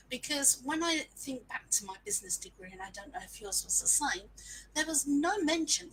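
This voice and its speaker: A woman's voice: sits high, sharp tone, slight background noise, poor audio. A woman, telling a frank, self-mocking story in a casual live stream and sprinkling in mild swearing. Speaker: small business owner sharing marketing lessons.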